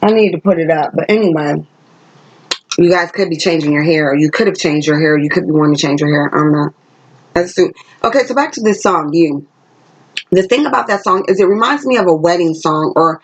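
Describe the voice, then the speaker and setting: A woman's voice: on the low side, dull audio. A woman giving a casual, chatty tarot reading to her viewers, talking emphatically straight to the camera. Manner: chatty and emphatic, sings snippets of songs. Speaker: tarot reader. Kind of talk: casual spiritual reading vlog. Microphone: camera she set up herself.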